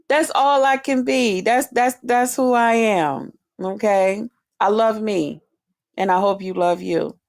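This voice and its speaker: Slow-talking woman host, profane and confrontational, ranting to her viewers. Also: mid-range voice. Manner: profane, confrontational, drawn-out talk. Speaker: channel host. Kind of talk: casual vlog rant to subscribers.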